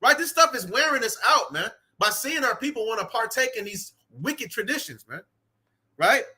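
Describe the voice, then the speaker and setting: Man, street preacher, very high-pitched, piercingly bright, fervent outdoor sermon, repetitive asides. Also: sing-song, moderate pace, slightly rough. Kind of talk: impassioned sermon with scripture reading. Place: outdoors in cold weather.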